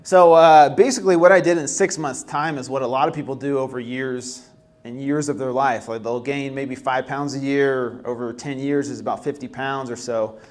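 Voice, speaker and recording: A man's voice: mid-range voice, normal speed. Casual young man giving a talk. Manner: casual, relaxed, many fillers and restarts. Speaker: presenter at a healthy living workshop. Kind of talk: live presentation talk. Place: workshop room.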